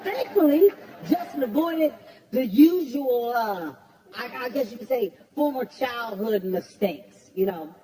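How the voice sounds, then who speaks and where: A man doing a stand-up roast, brash and profane, shouting his punchlines. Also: extremely high pitch, animated, a little slow. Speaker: comedian at a roast. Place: stage before a live audience. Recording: roomy venue with crowd laughter.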